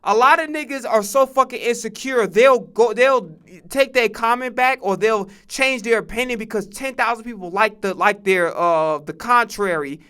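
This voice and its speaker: A man with a high, bright and very clear voice gives casual reaction commentary on a stream. He talks bluntly and curses a lot. He stumbles over his words and restarts often while working through his opinion. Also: moderate pace, hardly any pauses. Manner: blunt, profane, rambling with many restarts.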